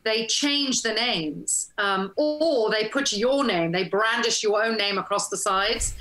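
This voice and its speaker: A woman actress telling a casual story as an interview guest, animated and acting out the lines she quotes, over a video call. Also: medium pitch, measured pace. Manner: animated, laughs often, acts out quoted lines. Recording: roomy echo.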